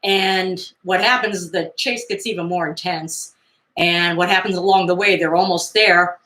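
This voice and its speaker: A woman's voice: on the low side, moderate pace, echoey room. Chatty woman recapping a movie. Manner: chatty, animated retelling with acted-out quotes and laughs.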